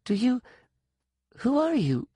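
A man voicing a bewildered young girl who asks high, breathless questions. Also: big pitch swings, takes it slowly, mellow, slightly rough, dry recording, heavily acted.

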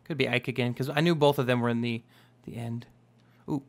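A young man chatting casually as he narrates his own gameplay, upbeat and quick to exclaim. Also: mid-range voice, steady tone. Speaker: Minecraft let's play host.

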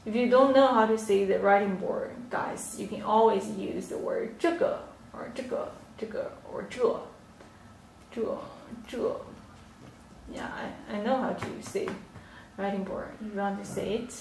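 A woman teaching a livestream language lesson, explaining slowly and patiently with many fillers. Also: medium pitch, gravelly, darkish tone, a little hiss or hum. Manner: slow, patient explaining with frequent yeah and fillers. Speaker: Chinese teacher. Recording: roomy echo, a little off mic.

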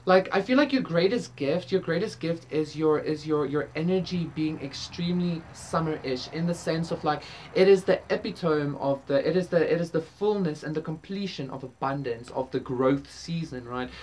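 A woman's voice: low-pitched, moderate pace, darkish tone. A woman doing a casual tarot reading, rambling with many fillers and casual swearing. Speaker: tarot reader. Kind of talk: casual spiritual reading to camera.

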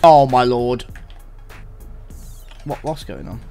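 A young man commentating on a football video game, groaning and shouting at every twist of the play. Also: mid-range voice, expressive, takes it slowly, soft background music. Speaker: gaming co-commentator. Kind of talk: live gameplay commentary.

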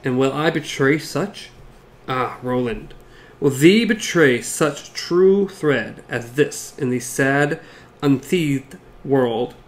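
A man's voice: medium pitch, animated, takes it slowly. A man co-hosting a casual book discussion podcast, playful, reading passages and squealing character lines for laughs. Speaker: podcast co-host.

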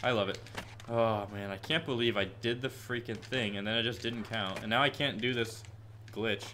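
An 18-year-old man live-streaming gameplay and answering chat questions, chatty and prone to excited, frustrated yelps. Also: fairly low pitch, moderate pace, slight background noise. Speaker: gaming streamer. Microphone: headset with headphones.

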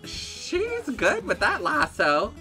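A man giving excitable live gameplay commentary, gasping and laughing as he reacts to the game. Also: very high voice, slow pace, over music. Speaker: game streamer.

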